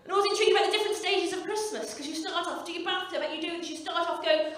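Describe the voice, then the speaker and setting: A woman's voice: very high-pitched, fairly even intonation, very fast, a bit bright. A woman in her forties from the English Midlands, doing a sweary, punchy stand-up comedy set in a club. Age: 40s. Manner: brash, sweary, punchy delivery. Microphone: stage microphone. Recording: echoey club room, picked up from a distance. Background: audience laughter.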